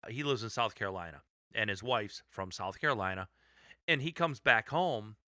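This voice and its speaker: A man's voice: lowish voice, animated, moderate pace, bright, forceful tone, dry recording, studio quality. A man co-hosting a podcast, chatting casually in a giggly, teasing way. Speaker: podcast co-host.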